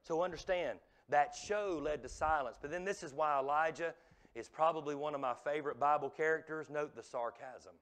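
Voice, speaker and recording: High-voiced preacher swinging loud to hushed. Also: male voice, moderate pace. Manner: swings from loud exhortation to hushed near-whisper. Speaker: revival preacher. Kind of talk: revival sermon. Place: church sanctuary.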